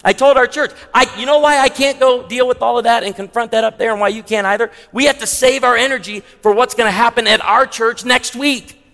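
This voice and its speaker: High-voiced preaching man, echoing hall. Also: fairly even intonation, fairly bright tone. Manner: emphatic, slows down hard on key lines, wry asides. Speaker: pastor. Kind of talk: sermon. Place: large church sanctuary with long reverb. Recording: long hall reverb in a sanctuary.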